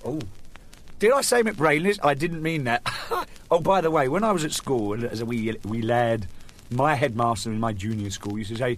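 A man's voice: mid-range voice, expressive, moderate pace, slight background noise. A middle-aged man, hosting a comic monologue in a rambling, jokey, self-mocking way. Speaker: host.

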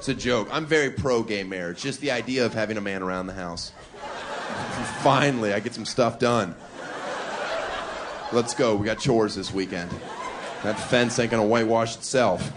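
A man with a lowish voice does a stand-up set before a live crowd, speaking at a moderate pace and pausing often. His delivery is brash and mocking, and the club recording carries crowd noise and laughter.

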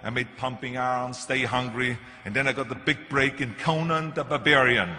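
Older man, bright German accent. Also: mid-range voice, normal speed. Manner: animated storytelling with punchy emphasis. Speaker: keynote speaker. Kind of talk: motivational speech. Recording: echoey hall, faint music.

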